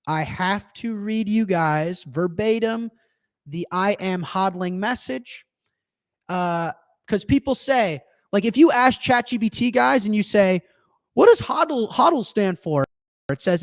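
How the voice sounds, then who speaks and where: A young man hosting a live show, talking in a casual, animated and profane way. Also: high-pitched. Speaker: livestream host.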